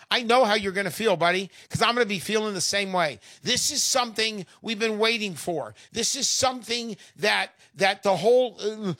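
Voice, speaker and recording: An older man hosting a radio talk show, pitching in a brash, salesman-like way with rhyming quips. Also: fairly bright tone, no echo, studio quality. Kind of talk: gold investment talk radio.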